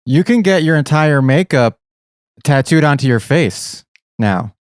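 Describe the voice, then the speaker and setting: A man's voice: on the high side, expressive, unhurried, dry recording. A man co-hosting a podcast, making dry, joking asides in casual chat. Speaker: podcast co-host.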